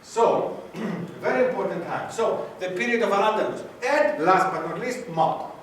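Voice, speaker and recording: A man's voice: high voice, expressive, moderate pace, distant mic, slight background noise. A man from Greece giving a lecture to students, quizzing the audience and repeating key phrases. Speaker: guest lecturer. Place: university lecture room. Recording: very echoey hall, taped from afar.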